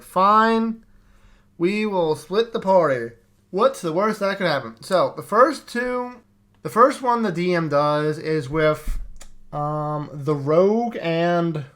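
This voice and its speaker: A middle-pitched voice telling a tabletop game session from the tavern owner's side. The talk is profane and exasperated, full of swearing, and it jumps into quick quoted bits of the other players. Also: fairly bright tone. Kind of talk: profane comedic session recap.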